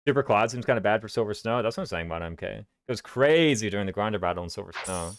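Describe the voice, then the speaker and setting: Fast-talking streamer with a Southern drawl. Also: male voice, lowish voice, animated. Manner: rambling, thinking aloud, drops consonants. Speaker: streamer playing a strategy game. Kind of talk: casual gameplay commentary. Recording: game music playing underneath. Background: game music.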